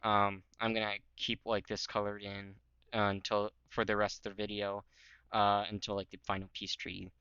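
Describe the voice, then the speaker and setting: A man's voice: fairly low pitch, monotone, normal speed, sharp tone, clear, resonant tone, no room sound, lo-fi sound. Rambling young-sounding man, lots of ums. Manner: rambling, filler-heavy, joking. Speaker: history channel host. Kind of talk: casual map commentary.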